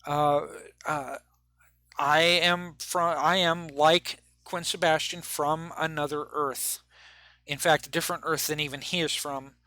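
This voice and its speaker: A man voicing a stern male handler of an agents' team who rarely smiles, speaking in a formal, measured way. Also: a little high, sharp tone, no room sound.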